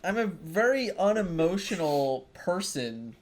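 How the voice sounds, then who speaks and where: Laid-back young man with lively pitch. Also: a little slow. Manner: laid-back, swears casually, laughs often. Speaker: podcast co-host. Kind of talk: casual chat.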